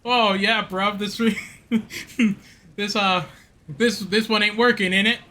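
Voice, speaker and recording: Man doing a mock English king, exaggerated English accent, sloppy, jokey, high and bright. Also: fairly even intonation, takes it slowly, exaggerated voice. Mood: goofy. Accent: exaggerated English put-on. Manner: sloppy, joking. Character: mock Henry the Eighth, crude English king.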